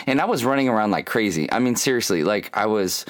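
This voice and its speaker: A man's voice: lowish voice, expressive, fast. A man giving a candid, earnest personal testimony in a devotional talk, telling his story with restarts. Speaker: speaker giving a faith talk.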